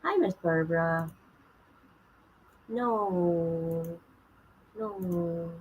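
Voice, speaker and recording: A woman's voice: lowish voice, very slow, a little mellow, a little hiss or hum, low-quality recording. A woman hosting her own livestream, chatting casually and greeting viewers by name while she fumbles with her setup. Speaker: livestream host.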